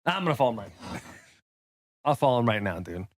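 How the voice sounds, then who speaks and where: A man co-hosting a podcast in casual, joking banter, rambling through stories and doing quick impressions. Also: medium pitch, big pitch swings, dry recording. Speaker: podcast co-host.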